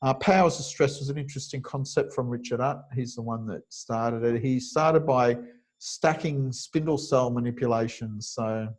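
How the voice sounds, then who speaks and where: A man's voice: mid-range voice, normal speed, rough recording. A man teaching a webinar lecture over a video call, explaining step by step and thinking aloud with frequent fillers. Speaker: kinesiology teacher.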